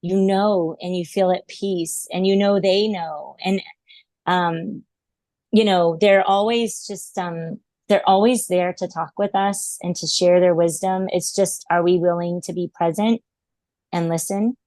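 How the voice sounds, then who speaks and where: A woman in her thirties with a fairly low voice tells a personal story in a relaxed, earnest way, with plenty of "um" and "like" along the way. The recording is close and dry, with no room sound. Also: a little slow, dry recording. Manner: earnest, reflective, many fillers like "um" and "like". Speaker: podcast guest, animal intuitive. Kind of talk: casual storytelling interview.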